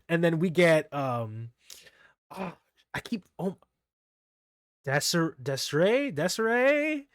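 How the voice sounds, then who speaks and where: A man's voice: on the high side, big pitch swings, very slow, pauses often, no echo, clean studio sound. A man recapping manga chapters in a casual solo talk, rambling, laughing often and stumbling over names. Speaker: manga reviewer.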